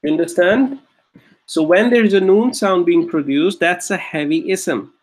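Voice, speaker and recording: In an unhurried voice that sits high, a man leads an online Arabic grammar lesson, going over every point more than once and making sure the students keep up.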